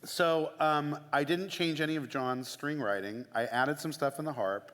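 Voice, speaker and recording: A man's voice: fairly high pitch, moderate pace, over loud music. Enthusiastic man in a reverberant church. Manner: enthusiastic, chatty, self-deprecating asides. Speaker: church music director. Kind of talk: casual explanatory talk. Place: church sanctuary. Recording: long hall reverb.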